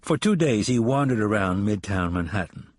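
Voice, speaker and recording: A man reading a spy thriller audiobook in a measured, even storytelling delivery. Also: lowish voice, no room sound, studio quality. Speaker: audiobook narrator. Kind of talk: scripted narration.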